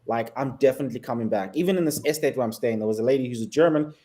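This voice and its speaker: Animated South African man telling stories. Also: mid-range voice, rapid-fire. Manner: animated storyteller who laughs often. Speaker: guest videographer. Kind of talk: casual interview chat.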